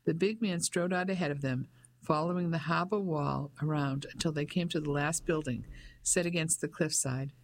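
Audiobook narration, steady, even, mid pitch. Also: moderate pace, a little hiss or hum.

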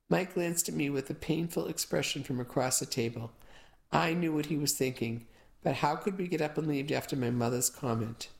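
A woman narrating a first-person novel as an audiobook, with a lively, expressive delivery. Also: low voice, moderate pace, gravelly, poor audio.

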